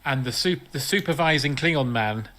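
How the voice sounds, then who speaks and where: A man's voice: mid-range voice, expressive, moderate pace, bright, forceful tone. A man co-hosting a comedy podcast, retelling a film's plot in a rambling, enthusiastic way. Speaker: podcast co-host. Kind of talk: casual comedic film chat.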